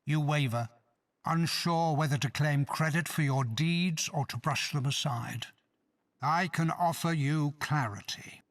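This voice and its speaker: An actor playing a mysterious hooded male stranger who speaks in slow, measured, ominous riddles. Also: on the high side, natural voice. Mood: cryptic.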